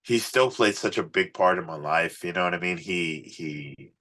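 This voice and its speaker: A man, a rock musician guest, telling road stories in a casual, swearing, animated way on a podcast. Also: low-pitched, normal speed. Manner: profane, animated storyteller. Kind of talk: casual storytelling interview.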